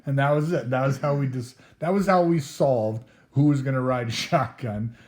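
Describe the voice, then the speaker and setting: A man's voice: mid-range voice, normal speed, darkish tone. A middle-aged man casually telling a rambling, profane anecdote, often chuckling as he talks. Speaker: storyteller host.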